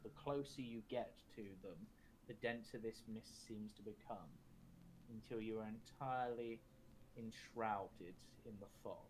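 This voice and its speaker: A man narrating as game master of a tabletop game, in measured, descriptive narration with small restarts. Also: fairly low pitch, darkish tone, slight background noise, low-quality recording.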